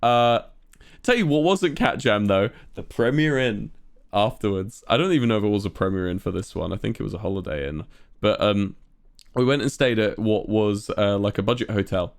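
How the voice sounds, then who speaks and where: A man's voice: lowish voice, normal speed, vocal fry. A young man, a streamer and musician, telling a long rambling story on a livestream and swearing often.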